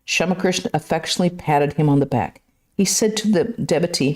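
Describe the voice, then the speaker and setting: A woman reading a holy text aloud to a study group in a steady, measured way, with brief asides. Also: deep voice. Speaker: scripture reader. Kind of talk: reading scripture aloud to a class.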